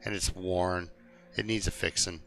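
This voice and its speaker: A low-voiced man rambles through a live game stream, joking with his chat. His voice is gravelly with a bright, edgy tone, and faint music plays behind him. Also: fairly even intonation, normal speed. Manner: rambling, jokey, talks to chat. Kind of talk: casual live-stream commentary.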